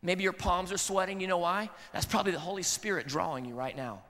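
Casting: casual young preacher, high bright voice, long reverb. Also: male voice, fast. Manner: casual, conversational, earnest. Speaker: pastor. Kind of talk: sermon.

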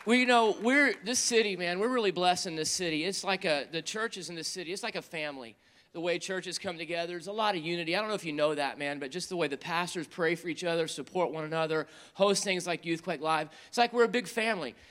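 Male host from North Carolina, high tense voice, chatty stage talk echoing in a large venue. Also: fast, fairly bright tone. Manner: chatty, joking, full of restarts and asides. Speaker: host and speaker at a youth worship event. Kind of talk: lively stage talk to a live crowd. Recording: long reverb of a large hall.

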